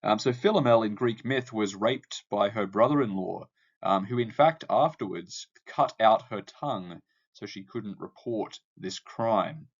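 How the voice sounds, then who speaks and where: A man's voice: on the low side, a little slow, lo-fi sound. A male teacher explaining a poem to his class, with frequent ums and uhs. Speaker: English teacher. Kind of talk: lecture on poetry analysis.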